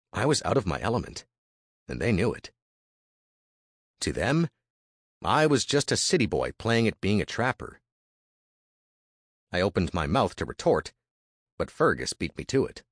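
Deep, lively male storyteller, dry close recording. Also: no echo. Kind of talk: first-person audiobook narration.

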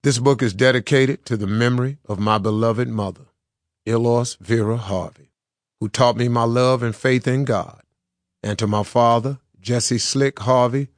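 A man reads his own book aloud, in an earnest and personal storytelling manner. His voice sits at a middle pitch. The sound is close and dry, with no room around it. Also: fairly even intonation, moderate pace, dry recording. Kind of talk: audiobook narration. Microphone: close studio mic.

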